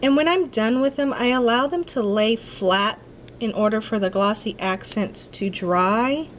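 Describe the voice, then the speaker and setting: A woman's voice: on the high side, measured pace, slight background noise. A woman giving a casual crafting tutorial, chatty and a little apologetic, talking to herself as she works at her craft table.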